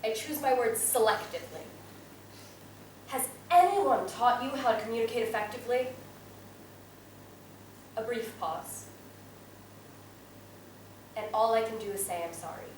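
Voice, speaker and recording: A young woman reciting her own poem in a measured, rhythmic reading. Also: fairly high pitch, slight background noise. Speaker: student poet. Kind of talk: poetry recitation. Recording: echoey hall, distant mic.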